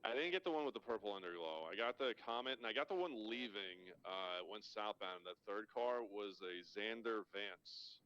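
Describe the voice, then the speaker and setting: A man playing a police officer, giving quick, matter-of-fact radio calls in game roleplay. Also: fairly low pitch, animated, a bit bright, lo-fi sound, a little hiss or hum.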